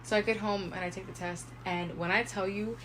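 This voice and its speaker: A young woman in her twenties tells a personal story on a podcast, chatting loosely with lots of "like" and acted-out inner thoughts. Her voice sits at an ordinary middle pitch, with a faint hiss of noise behind her. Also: brisk. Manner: chatty, heavy use of "like", animated retelling with quoted inner thoughts. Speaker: podcast co-host. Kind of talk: casual storytelling chat.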